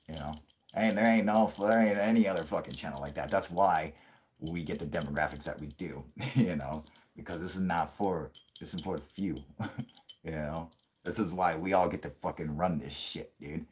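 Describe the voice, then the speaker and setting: Late-30s male streamer, low register, profane loose banter, joking and laughing. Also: slight background noise. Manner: crude, profanity-heavy rambling with frequent laughs; puts on a yelling grumpy old man for jokes. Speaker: live stream host. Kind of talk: casual live-stream chat.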